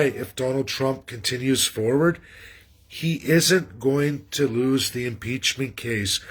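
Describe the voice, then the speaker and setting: Husky-voiced emphatic Canadian man. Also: mid-range voice. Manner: emphatic, repetitive, addresses people directly. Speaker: political commentator. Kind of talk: casual political monologue.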